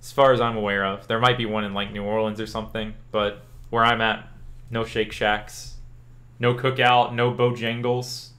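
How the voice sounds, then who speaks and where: With a lowish voice at normal speed, this young Louisiana man chats casually on stream. He answers his viewers' questions in a loose, rambling, relaxed way, peppering it all with "like."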